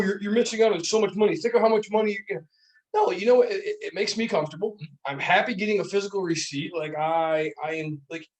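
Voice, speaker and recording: Animated high-voiced man, off-mic. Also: recorded from a distance, poor audio. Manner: animated, rambling storyteller with many fillers. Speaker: podcast co-host. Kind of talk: casual chat. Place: small room, beer podcast.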